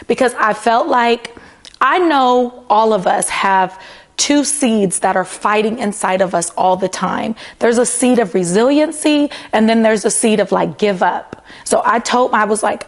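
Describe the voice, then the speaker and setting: A woman's voice: mid-range voice, normal speed. Woman, 30s, interview guest recounting personal events, conversational, lots of "like" fillers, mid-range voice. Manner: conversational, frequent "like" fillers, quotes her own past words. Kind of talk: personal storytelling.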